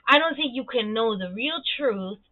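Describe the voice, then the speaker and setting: A woman streamer rants in a casual, profane, animated way. Her voice sits a little high and sounds close and dry. The audio is thin and phone-like. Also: moderate pace, no room sound. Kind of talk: casual opinionated monologue.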